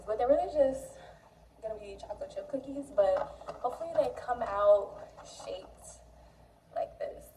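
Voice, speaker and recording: Slow-talking playful woman vlogger. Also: fairly high pitch, dark tone, distant mic, a little hiss or hum, low-quality recording. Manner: playful, slangy and chatty. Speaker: vlogger host. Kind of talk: casual chat while baking. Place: home kitchen.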